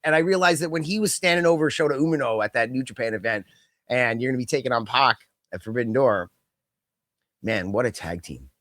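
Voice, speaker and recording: A young adult man co-hosting a casual podcast chat, rambling and animated, with lots of fillers and quick mock impressions. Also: medium pitch, no echo, studio quality. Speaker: podcast co-host.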